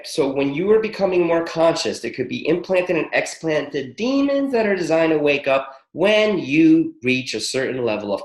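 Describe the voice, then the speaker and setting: A man leading a spiritual teaching call, excitable and profane, rattling off long lists of words in one breath. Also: fairly high pitch, roomy sound, low-quality recording. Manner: excitable, swears freely, rapid-fire incantation lists. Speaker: spiritual workshop leader. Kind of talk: live teaching call with interpreter.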